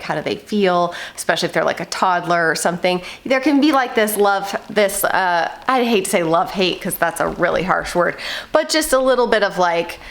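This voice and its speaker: A woman in her thirties chatting casually to the camera at home, rambling with lots of fillers, her voice a little hoarse and nasal from a coming cold. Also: lowish voice. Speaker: vlogger, mother of eight. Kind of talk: casual vlog chat. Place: at home indoors.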